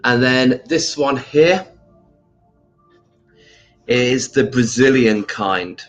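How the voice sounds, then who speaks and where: A man hosting a casual crystal livestream, greeting viewers by name with endearments and pausing often with ums. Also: mid-range voice, faint music behind. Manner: slow, hesitant with frequent ums. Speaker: crystal shop livestream host.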